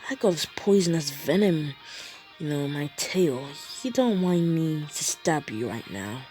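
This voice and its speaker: A man's voice: on the high side, animated, measured pace, a little mellow, soft background music. A man voicing a smug male villain who threatens with a venomous tail.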